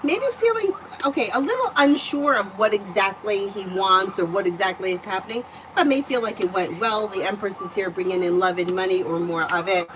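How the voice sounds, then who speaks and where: A woman's voice: mid-range voice, lively intonation, fairly quick, hardly any pauses, noisy background. A woman livestreaming as a tarot reader, telling stories in a chatty way, laughing often and swearing freely. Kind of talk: casual storytelling and tarot reading.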